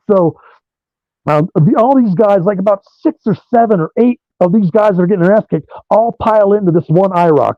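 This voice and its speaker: High-voiced swearing rock guitarist. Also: male voice, dry recording. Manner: animated, swears freely. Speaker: guitarist guest. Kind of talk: profane storytelling interview. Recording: dull lo-fi dry sound.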